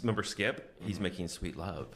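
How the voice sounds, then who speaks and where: A man hosting a show, telling a movie's plot as an animated comedic recap. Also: low-pitched, normal speed, vocal fry, a little hiss or hum. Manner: animated storytelling, jumping into voices and laughing. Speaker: host.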